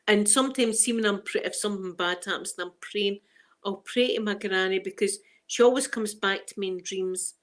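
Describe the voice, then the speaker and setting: This is a middle-aged woman from Scotland, Glaswegian-accented, hosting an ASMR livestream. She speaks briskly at medium pitch, chatting casually with her viewers, laughing often, and using strong Scots phrasing.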